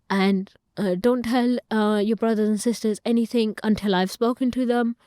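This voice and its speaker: Young woman, interview guest, earnest personal storytelling, mellow smooth tone, dry close sound. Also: a little high, steady tone, moderate pace, few pauses, no room sound. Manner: earnest, retells family dialogue at length.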